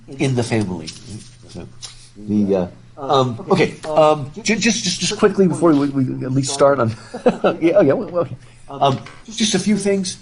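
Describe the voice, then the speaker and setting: A man lecturing to a live class while wearing a face mask, chatty and animated, often repeating words as he thinks aloud. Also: mid-range voice, moderate pace, pauses often, a crowd in the background, rough recording. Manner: talking through a face mask. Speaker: professor. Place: university classroom with students. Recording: classroom with students audible.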